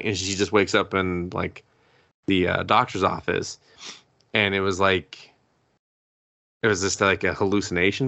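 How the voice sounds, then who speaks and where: With a low, creaky voice and no echo, a man casually runs through an anime episode as a podcast co-host. He curses liberally and brings the story to life, voicing the characters' lines.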